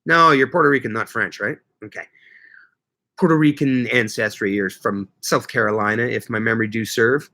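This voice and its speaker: A man chats loosely with his viewers on a livestream, his voice bright and forward. He rambles from topic to topic and jokes along the way. His pitch sits in an ordinary middle range. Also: normal speed. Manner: rambling, joking, reads viewer comments aloud. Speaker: livestream host. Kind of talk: casual live chat with viewers.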